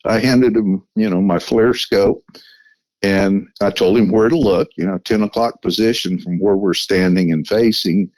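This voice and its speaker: A man's voice: on the low side, steady tone, normal speed, a little mellow, dry recording. A man telling a story as a podcast guest, with restarts and frequent "you know"s.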